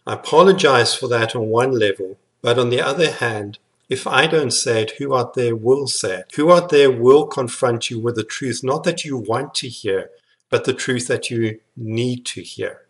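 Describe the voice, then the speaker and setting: A man's voice: mid-range voice, moderate pace. A man preaching a sermon in an earnest, emphatic way, often repeating words for weight. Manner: earnest, repetitive emphatic phrasing.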